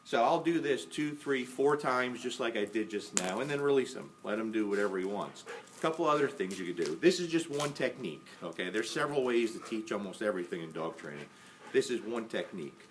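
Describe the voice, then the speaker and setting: A dog trainer calmly explaining each step of a training method, patient and often checking in with "okay?". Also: male voice, fairly low pitch, fairly quick. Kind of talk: casual instructional demo. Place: indoors at home with a dog. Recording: faint background noise, mic at some distance.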